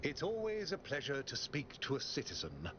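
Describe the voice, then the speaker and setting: Diplomatic android mayor, measured, lofty, swooping melodic voice, muffled, clear noise behind. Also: male voice, mid-range voice, huge pitch swings. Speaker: city mayor. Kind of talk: video game dialogue. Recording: dull audio with clear noise.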